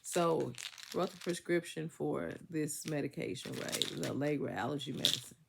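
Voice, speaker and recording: A woman's voice: low-pitched, normal speed, creaky, background noise. A woman vlogger chatting to her viewers, telling a story in an emphatic, chatty, vernacular way while getting over an illness. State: congested, recovering from illness.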